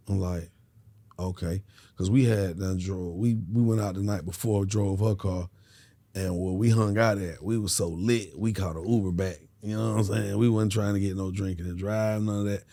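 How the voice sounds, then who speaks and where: A man, a podcast guest telling a story in casual slang and acting out every voice. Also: fairly low pitch. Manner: animated, slangy, acts out every voice.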